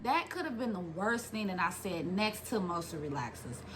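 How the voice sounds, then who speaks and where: A young woman telling a story about her own past in a casual vlog, animated and profane, acting out other people's lines. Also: fairly low pitch, moderate pace.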